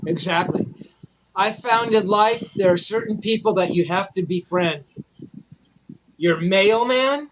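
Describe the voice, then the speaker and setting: A man telling a long, profane, animated story in a casual chat. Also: high-pitched, unhurried, pauses often, a little hiss or hum, low-quality recording. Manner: profane, animated anecdote teller. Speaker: memorabilia collector guest.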